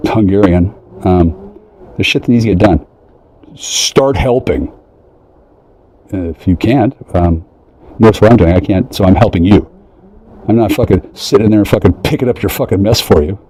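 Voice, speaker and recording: A man in a rambling, profane monologue who keeps breaking into mocking high voices. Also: mellow, breathy edge, poor audio.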